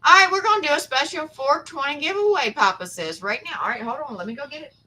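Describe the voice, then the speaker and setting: A woman's voice: high voice, animated, fast, bright, forceful tone, poor audio. A woman, hosting a live stream in a motherly, encouraging way. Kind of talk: casual live stream chat.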